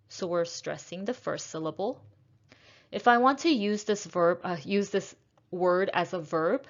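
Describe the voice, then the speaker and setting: Slow, deliberate woman teaching pronunciation. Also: lowish voice, fairly bright tone, highs cut off. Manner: deliberate, repeats words with shifted stress. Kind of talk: slow, careful pronunciation lesson.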